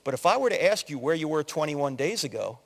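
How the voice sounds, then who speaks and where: A man in his sixties from New Jersey giving an animated, joking story-driven talk as a conference speaker, acting out quotes in other voices. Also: fairly high pitch, quick pace, gravelly. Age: 60s. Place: large hall with audience. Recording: long hall reverb.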